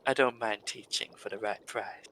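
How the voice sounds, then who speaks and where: A man's voice: fairly low pitch, steady tone, normal speed, sharp tone, a little hiss or hum, low-quality recording. A man playing a sultry cat-folk madam. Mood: flirtatious. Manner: purring, teasing, coy.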